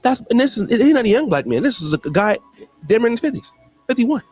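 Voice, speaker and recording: A man's voice: very high-pitched, big pitch swings, fast, a little mellow, breathy edge, no echo, soft background music. A man giving emphatic commentary, repeating phrases for effect. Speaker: guest commentator. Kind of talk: animated commentary.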